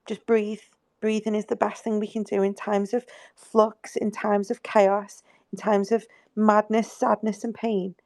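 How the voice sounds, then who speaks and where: Soothing woman with a gravelly voice. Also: medium pitch, a little mellow, no echo, clean studio sound. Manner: soothing and reassuring, swears casually. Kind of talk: casual live group chat.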